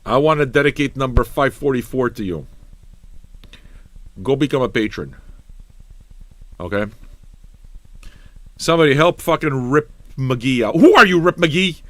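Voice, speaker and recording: Male livestream DJ host, profane and rambling, bright tone, dry sound. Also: mid-range voice, lively intonation, a little slow, pauses often, dry recording. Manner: profane, rambling, mock-ranting at chat. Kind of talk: casual live radio banter.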